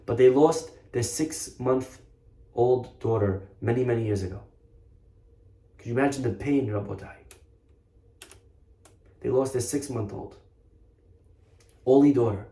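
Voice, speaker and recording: A man's voice: medium pitch, unhurried, pauses often, dark tone. A man, a rabbi, giving a storytelling sermon in an earnest way, stressing points by repeating himself. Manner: earnest storytelling with emphatic repetition. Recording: roomy echo.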